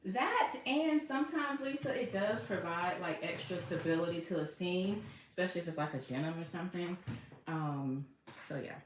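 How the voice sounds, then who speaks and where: Woman chatting thru a sewing stream, lowish voice, talks to herself, roomy echo. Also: lively intonation, moderate pace. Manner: chatty, talks to herself, reads viewer comments aloud. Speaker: sewing livestream host. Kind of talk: casual livestream chat while sewing. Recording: echoey room with faint noise.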